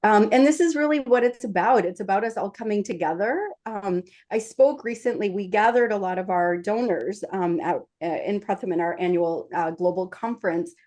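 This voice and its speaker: A woman's voice: medium pitch, normal speed, hardly any pauses, darkish tone. A woman who leads a nonprofit, giving earnest remarks over a video call with frequent filler words. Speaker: nonprofit leader. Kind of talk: prepared remarks.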